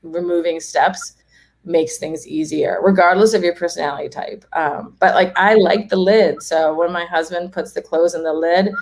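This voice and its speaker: Chatty woman, low voice, laughing often. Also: steady tone, normal speed, a little mellow. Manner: chatty, laughs often, acts out quoted people. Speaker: home organizing guest. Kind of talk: casual interview chat.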